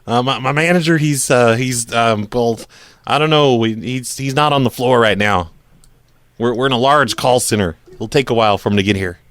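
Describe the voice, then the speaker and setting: A man's voice: mid-range voice, moderate pace, fairly bright tone, no room sound, lightly acted. A man putting on a stammering fake phone-company rep. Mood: defensive. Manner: bumbling, stammering, defensive.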